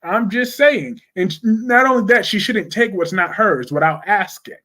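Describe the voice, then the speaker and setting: A young man hosting a casual live chat about soap operas, blunt and animated, answering viewer comments with slang. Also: high-pitched, moderate pace.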